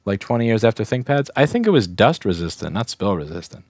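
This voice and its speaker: A man's voice: on the low side, very animated, quick pace, a little mellow, no echo, studio quality. A young adult man from Staten Island, a repair technician casually talking through a bench test on a livestream, thinking aloud, restarting sentences and speaking bluntly. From Staten Island, New York.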